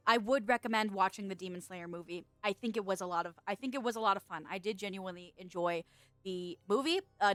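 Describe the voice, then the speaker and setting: A woman's voice: medium pitch, fairly bright tone, no room sound. A woman VTuber streamer chatting casually with her viewers, rambling, laughing often and swearing freely. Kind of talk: casual livestream chat.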